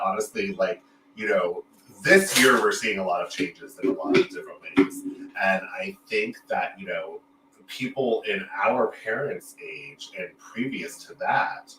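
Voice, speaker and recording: A man hosting a casual chat, animated and jokey, quick to interrupt and laugh. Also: lowish voice. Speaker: podcast host. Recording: roomy, distant mic with faint room noise.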